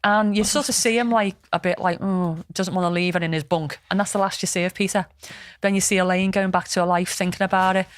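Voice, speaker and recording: In a podcast studio with no room sound, a woman with a lowish, fairly even voice chats casually as host, retelling a film's plot with plenty of swearing. She talks quickly with few pauses, in a relaxed storytelling style.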